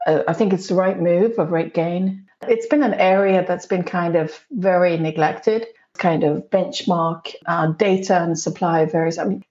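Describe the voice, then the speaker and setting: Female panelist, low gravelly voice, thoughtful, dull call audio. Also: mellow. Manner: thoughtful, hesitant restarts. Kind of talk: casual panel discussion.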